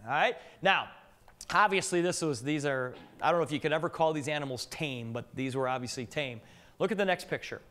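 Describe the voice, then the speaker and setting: A middle-aged man with a fairly high voice speaks to a live audience in a meeting room. He tells joking stories and keeps asking the crowd questions. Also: brisk, a bit bright. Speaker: business presenter. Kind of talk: live business presentation with anecdotes.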